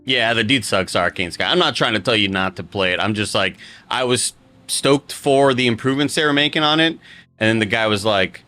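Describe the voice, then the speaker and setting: A man's voice: lowish voice, brisk, bright, forceful tone, soft background music. A young man streaming live, chatting casually with his audience in a rambling, joking way and swearing freely.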